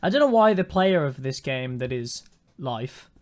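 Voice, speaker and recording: A man's voice: mid-range voice, sing-song, moderate pace, darkish tone. A young man chats loosely and jokingly, teasing his co-host as a podcast co-host. He has a mid-range voice and a sarcastic, laddish tone. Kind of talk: casual chat.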